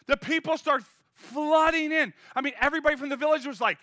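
A man preaching an energetic, conversational sermon and urging his listeners on. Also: extremely high pitch, fairly quick, no echo, clean studio sound. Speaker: pastor.

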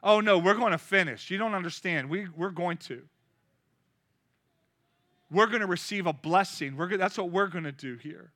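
Male pastor, 50s, high voice, bright tone, joking, lively preaching. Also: moderate pace, pauses often. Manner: lively, joking, call-and-response. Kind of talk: sermon.

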